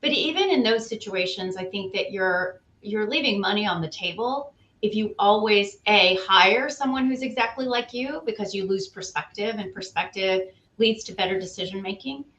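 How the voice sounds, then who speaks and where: A woman's voice: medium pitch, normal speed, hardly any pauses, fairly bright tone, reverberant. A woman guest, a CEO and author, talking through her ideas in an interview, articulate and emphatic, building her points in lists. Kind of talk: conversational interview.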